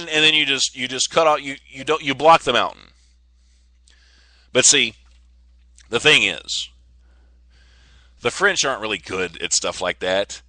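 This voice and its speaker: A podcast host with a sharp, medium-pitched voice records a casual solo show with no echo. He rambles and jokes, stammering and restarting often.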